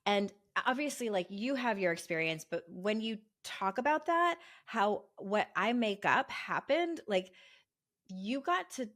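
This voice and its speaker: Thoughtful woman guest, halting phrasing. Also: mid-range voice, animated, a bit bright. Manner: thoughtful, restarts and hedges with "like". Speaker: podcast guest, author. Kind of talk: reflective conversation.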